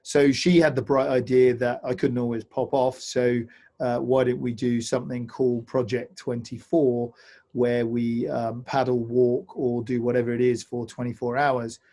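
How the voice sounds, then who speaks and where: A man from England tells adventure stories over a video call. He is easygoing and self-deprecating, with plenty of "uh"s. His voice sits at a middle pitch for a man. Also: level tone, moderate pace, warm tone. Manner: easygoing, self-deprecating storyteller with frequent fillers. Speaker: co-host of an online adventure talk. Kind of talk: casual storytelling presentation over a video call.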